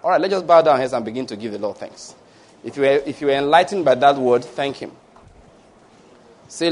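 A male pastor, preaching a lively sermon that ends in prayer and blessings. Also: medium pitch, brisk, pauses often. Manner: lively preaching, laughs at his own stories, call-and-response blessings.

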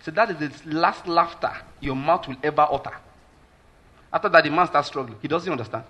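A Nigerian-accented male pastor delivers a sermon in a husky, forceful voice set a little higher than most men's. He is emphatic, drops in Pidgin asides, and keeps asking whether his listeners follow. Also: brisk.

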